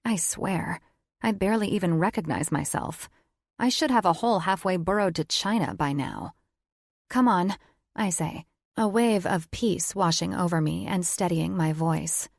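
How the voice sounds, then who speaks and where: A woman's voice: on the low side, normal speed, creaky, no room sound, studio quality. A woman narrating a first-person romance audiobook in a wry, conversational tone. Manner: wry, conversational inner monologue.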